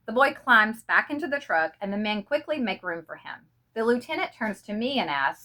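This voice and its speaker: A woman reads a short story aloud, narrating with expressive, dramatic delivery. Her voice is bright and forceful, at a middle pitch for a woman. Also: normal speed, few pauses. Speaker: reader.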